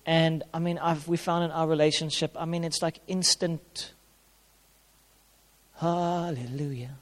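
A man's voice: a little high, monotone, normal speed. A man giving an informal sermon on marriage as a pastor, conversational and plain-spoken, repeating key phrases. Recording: long hall reverb.

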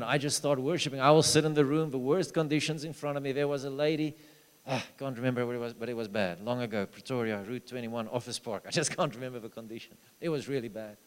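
A man preaching a sermon, telling stories, with loud urging that drops to low, hushed asides. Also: clear, resonant tone. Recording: long hall reverb.

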